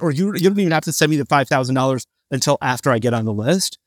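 A man's voice: mid-range voice, animated, racing, hardly any pauses, no room sound, studio quality. Sarcastic male podcast co-host. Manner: sarcastic, mocks people by putting on their voices. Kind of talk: casual business chat.

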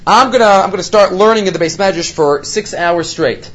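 A man's voice: high voice, a little fast, a bit bright. A man teaching a Torah study class, asking rhetorical questions and answering them, with Hebrew study terms mixed into his English.

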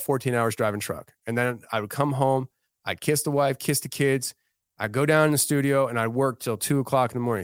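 A man in his thirties talks as a guest on a podcast, sharing a story in an earnest, heartfelt way. His sentences often start over as he works through his thoughts. His voice is clear and smooth, recorded dry and close in a studio. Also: mid-range voice, no echo. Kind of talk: casual podcast conversation.

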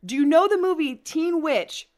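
A woman's voice: high-pitched, expressive, normal speed, a little mellow. A woman co-hosting a podcast in casual chat, teasing and laughing often. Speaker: podcast co-host.

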